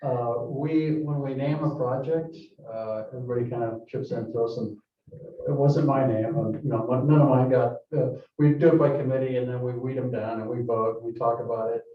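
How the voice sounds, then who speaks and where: A man presenting a development project at a town board meeting, speaking haltingly with many fillers and restarts. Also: medium pitch, fairly even intonation. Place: town hall meeting room. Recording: echoey council chamber, distant mic, muffled.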